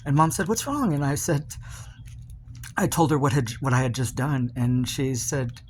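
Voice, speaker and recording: A man's voice: mid-range voice, fairly even intonation, moderate pace, a little mellow, slight background noise. A man recording a personal video message to his partner, rambling and confessional, full of fillers and restarts.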